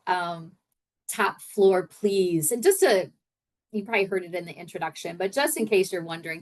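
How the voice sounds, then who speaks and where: Middle-aged woman, podcast host and coach; loose, chatty delivery full of fillers. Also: mid-range voice. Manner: chatty, with many fillers and self-corrections. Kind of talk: casual solo podcast teaching.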